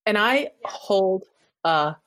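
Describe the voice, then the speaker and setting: A woman co-hosting a casual chat, wry and quick to laugh, with deadpan asides. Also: mid-range voice. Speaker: podcast co-host.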